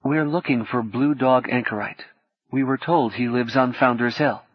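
A male narrator voicing a polite, earnest young woman who speaks softly. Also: mid-range voice, moderate pace, no echo, muffled recording, natural voice.

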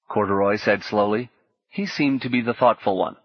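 A man reads an audiobook script in a steady, measured way, his lowish voice slightly rough. The recording sounds dry, dull and lo-fi.

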